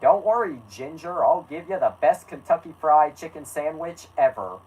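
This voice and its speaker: A reader putting on the voice of a cheery store worker, pitched up. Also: lively intonation, moderate pace, darkish tone, husky, recorded from a distance, lo-fi sound. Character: friendly store worker, adult.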